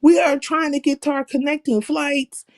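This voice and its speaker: A woman hosting a livestream, telling profane stories in a brash, animated, slangy way. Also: high voice, moderate pace, no echo. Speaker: livestream host. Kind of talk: casual profane storytelling chat.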